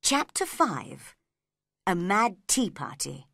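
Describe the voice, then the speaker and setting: Woman reading a kids' story real slow, lively voice. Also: medium pitch, gravelly, no echo, studio quality. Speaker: reader. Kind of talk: storybook read-along narration.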